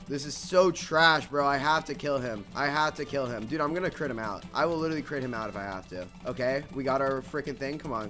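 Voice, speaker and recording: A man's voice: medium pitch, a bit bright. A young man giving frustrated, swearing commentary over his own gameplay and repeating himself a lot. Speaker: gaming video creator.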